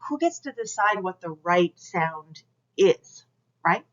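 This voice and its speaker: Speaking slowly and with animation in a fairly low pitch, a woman teacher lectures her class on a recording, addressing students head-on and guiding them through exercises. Her coaching is direct, and she models projection aloud. It's captured on a camera mic with lo-fi sound.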